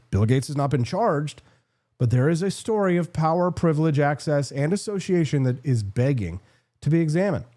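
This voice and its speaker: A man hosting a political commentary show, talking in emphatic, repeated rhetorical punches, his voice going hoarse. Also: mid-range voice, mellow. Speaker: host.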